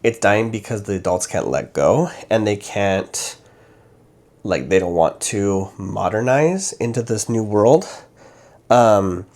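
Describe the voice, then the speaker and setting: A man chats through a book review while applying makeup, in a low-pitched, slow voice. He rambles, leans on fillers and corrects himself often. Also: lively intonation, darkish tone.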